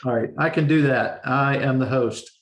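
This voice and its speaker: A man hosting an online webinar from home, relaxed and chatty, with fillers as he talks. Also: medium pitch, moderate pace, roomy sound. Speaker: webinar host. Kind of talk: casual webinar chat and housekeeping. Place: home room, lawnmower outside.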